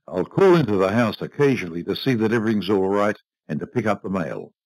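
A man's voice: fairly low pitch, very animated, quick pace, a little mellow, no echo, poor audio. A man doing a curt, domineering old husband. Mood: cold. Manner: curt, dismissive, clipped.

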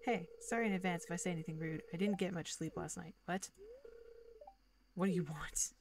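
A woman reading the lines of a moody, sleep-deprived young woman in a video game, quick and curt. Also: on the low side, fairly even intonation, recorded from a distance, noisy background, close to an everyday voice. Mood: grumpy.

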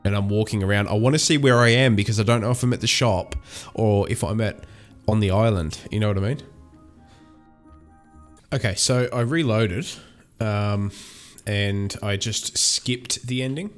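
A man's voice: lowish voice, moderate pace, faint music behind. A young man chatting casually while playing a video game, rambling with many fillers and restarts. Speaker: gaming channel host. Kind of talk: casual let's-play commentary.

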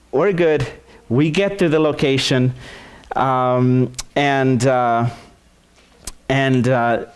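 A male pastor preaching a sermon, telling a story in an animated way with many restarts and repeated words. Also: medium pitch.

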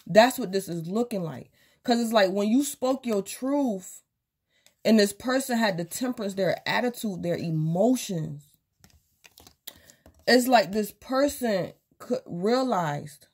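A woman's voice: medium pitch, expressive, takes it slowly, a little mellow, breathy edge. A woman casually giving a tarot reading, speaking straight to the viewer and acting out quotes from imagined people. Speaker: tarot reader.

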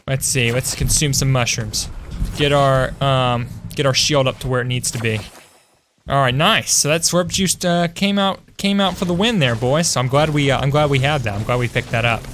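This young streamer's medium-pitched, slightly bright voice comes at a moderate pace with slight background noise. Streaming live from his home room, he chats through his game, calls viewers "boys", and replies to chat.

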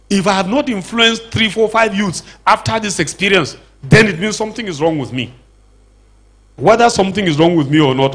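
A middle-aged Nigerian man with a Nigerian accent gives an earnest church lecture, asking rhetorical questions and repeating words as he searches for a phrase. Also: high-pitched. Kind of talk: public lecture to a church audience.

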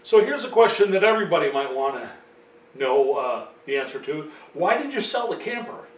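A man's voice: fairly high pitch, sing-song, fairly quick. A man voicing a playful interviewer who quizzes him with teasing questions. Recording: roomy sound from a distant mic.

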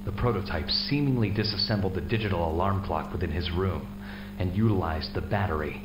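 A man playing a male researcher reading a lab log in a clinical, matter-of-fact way. His voice sits very low and sounds roomy and echoing, with game music playing behind him. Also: fairly quick, close to an everyday voice. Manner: flat, clinical report reading. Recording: roomy echoing tape playback.

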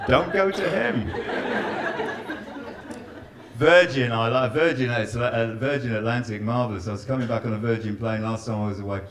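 A man doing a stand-up set in a live venue, chatting with and teasing the audience. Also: medium pitch. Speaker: stand-up comedian. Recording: live show with crowd laughter.

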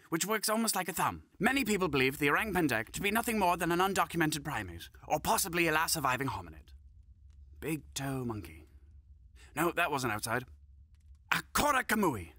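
A man's voice: on the high side, pushed and bright, dry recording. A man narrating comedy sketches in a dry, mock-serious scripted style.

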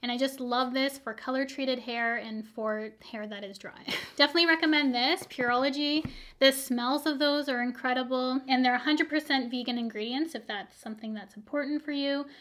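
A slightly hoarse woman with a voice pitched a bit high for a woman talks casually through her used-up beauty products. She is chatty and upbeat, drifting into little asides as she reviews each one. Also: moderate pace, a bit bright. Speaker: beauty vlogger.

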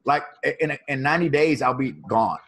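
This husky-voiced man in his fifties has a bright, forceful edge to his speech. He tells stories with energy, laughs often and stumbles over repeated words as he goes. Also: mid-range voice, lively intonation, moderate pace, rough recording. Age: 50s. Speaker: podcast guest. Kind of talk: animated storytelling.

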